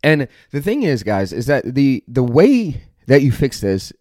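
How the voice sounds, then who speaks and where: A man's voice: mid-range voice, very animated, a little slow, darkish tone, no echo, studio quality. A middle-aged American man hosting a podcast, delivering a blunt, aggressive motivational monologue full of profanity. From United States. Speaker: podcast host.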